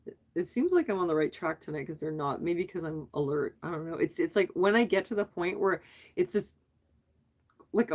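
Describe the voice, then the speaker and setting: A middle-aged woman with a low, slightly mellow, husky voice hosts a casual livestream, reading viewers' comments aloud, firing questions back at them, and laughing frequently.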